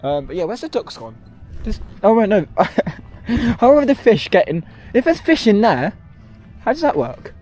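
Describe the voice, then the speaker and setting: A man's voice: sits high, huge pitch swings, normal speed, darkish tone, faint music behind. A young man, vlogging outdoors at a theme park, ranting and rambling with frequent self-corrections. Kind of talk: walking vlog commentary. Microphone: handheld camera.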